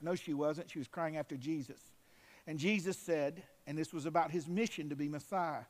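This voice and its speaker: Fervent preacher man, slightly high voice. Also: fairly even intonation, moderate pace. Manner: fervent, rising to emphatic shouts. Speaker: pastor. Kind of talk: sermon.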